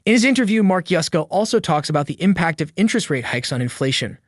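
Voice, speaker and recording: A man narrating a finance video in a scripted voice-over, with an even, read-aloud delivery. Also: high-pitched, fast, no room sound, studio quality.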